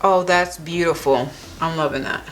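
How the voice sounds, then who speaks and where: A young woman beauty vlogger gushes with enthusiasm while applying makeup and narrating her tutorial. She speaks in a low voice at normal speed, and a little hiss or hum runs through the recording.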